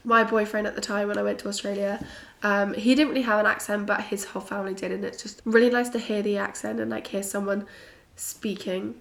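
A young British woman hosting a casual solo podcast, bubbly and chatty with frequent giggles, her voice a little croaky and husky. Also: medium pitch, little pitch movement, brisk, fairly bright tone. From Britain. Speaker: podcast host. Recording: roomy echo.

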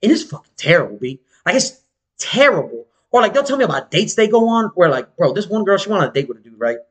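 In a high, fast voice, a man co-hosting a podcast tells a story in a relaxed chat. He's animated, slangy and profane, putting on the voices of those he quotes.

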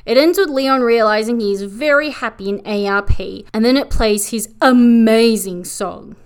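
A woman giving a sarcastic, profane comedic recap of an anime, tossing off quick mocking voices for the characters. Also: on the high side, smooth. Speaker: anime reviewer.

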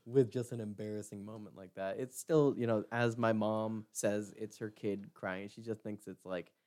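A young man chatting on a podcast, telling a story and breaking into laughter as he acts out what people said. His voice sits fairly low and has a mellow, warm tone. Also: moderate pace. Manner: animated storyteller, acts out quotes, laughs often. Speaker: podcast co-host. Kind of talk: casual chat, telling a story.

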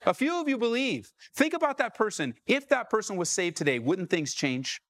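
A pastor from Southern California, a man with a high, sing-song and fairly bright voice, preaches to his church congregation at normal speed in a dry recording. He calls out questions to the room with rising calls and drives his points home.

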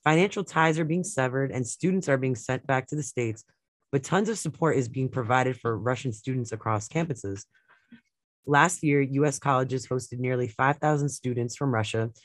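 A woman's voice: rumbling low, dry recording. Young woman reading college radio news. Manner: reads news and weather briefs with casual asides. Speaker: newscaster. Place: radio studio.

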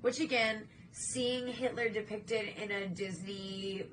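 A woman's voice: medium pitch, fairly even intonation, slow pace, noisy background. A young woman co-hosting a podcast, chatting casually and animatedly, swearing freely and acting out movie scenes. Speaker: podcast co-host. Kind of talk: casual chat.

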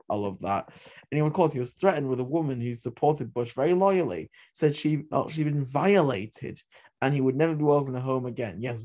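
A man's voice: medium pitch, darkish tone. Passionate opinionated man telling history. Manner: passionate, opinionated storytelling with asides. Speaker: podcast host. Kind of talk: opinionated history podcast chat.

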